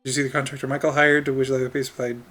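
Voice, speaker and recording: A man's voice: mid-range voice, flat delivery, fast, bright, forceful tone, faint music behind. A man streaming a video game, chatting casually and rambling with frequent laughs and fillers. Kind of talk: casual gameplay chat.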